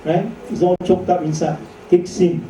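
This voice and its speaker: In a lecture hall, a man delivers a chatty medical lecture to doctors, cracking jokes and posing rhetorical questions. His voice is high-pitched, mellow, and steady at a normal pace, captured from far off in the echoey hall with faint noise.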